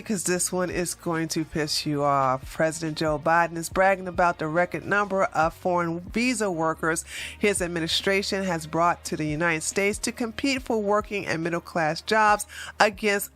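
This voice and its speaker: A woman's voice: on the low side, fairly bright tone. A woman hosting casual political commentary, sarcastic and emphatic, with slangy phrasing.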